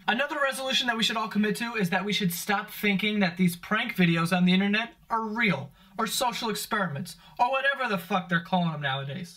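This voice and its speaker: Young male vlog host with a high, bright voice who rants to camera with plenty of swearing. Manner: profane, exasperated ranting. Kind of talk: comedic rant to camera.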